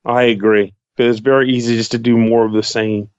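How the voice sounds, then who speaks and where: A man chatting as a podcast guest, jokey, acting out his own thoughts in quick bursts. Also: medium pitch, level tone, smooth, no room sound, dull audio. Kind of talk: casual chat.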